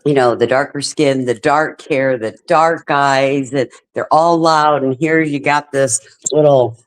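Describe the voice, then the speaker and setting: A woman's voice: extremely low pitch, fairly even intonation, measured pace, dry recording. Chatty woman in her fifties. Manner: chatty, laughs often. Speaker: live stream host. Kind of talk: casual chat.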